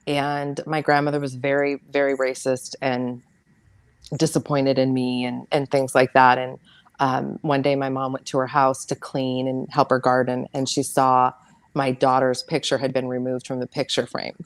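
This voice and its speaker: Middle-aged woman, deep register, dry close sound, earnest halting interview guest. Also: little pitch movement, dry recording. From United States. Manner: earnest, halting, repeats words. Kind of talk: emotional personal storytelling.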